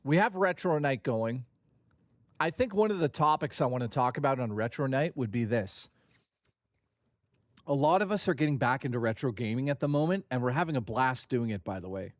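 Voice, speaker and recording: A man hosting a casual gaming stream, joking with chat in an animated, profane way. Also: medium pitch, brisk, no room sound, clean studio sound.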